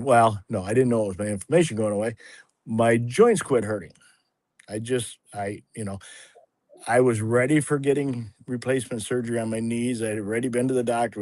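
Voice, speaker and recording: Man, sixties, rambling testimony, halting restarts, dry close sound. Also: medium pitch, a little mellow, no room sound. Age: 60s. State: a little emotional at times. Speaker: guest sharing a testimony. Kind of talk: casual spoken testimony on a livestream.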